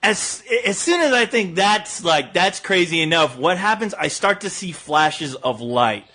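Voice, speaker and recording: A man's voice: sits high, lively intonation, unhurried, sharp tone. A man who reviews movies, telling a story in casual podcast chat and laughing often as he talks.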